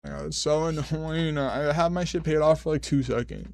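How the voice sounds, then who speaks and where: A man of twenty-five chats on his stream, telling a long story that wanders, with frequent swearing and self-corrections. His voice has a gravelly edge of vocal fry. It is recorded close on the mic in a dry space. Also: on the high side, moderate pace, darkish tone, no room sound. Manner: rambling, profane, self-correcting. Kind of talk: casual storytelling chat.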